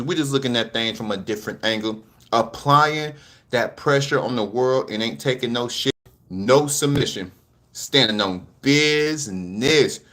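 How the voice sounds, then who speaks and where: A man's voice: mid-range voice, fairly bright tone. Laid-back man hosting a casual vlog. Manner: laid-back, repetitive, talks straight to viewers. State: a little out of breath. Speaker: channel host. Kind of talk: casual live commentary vlog.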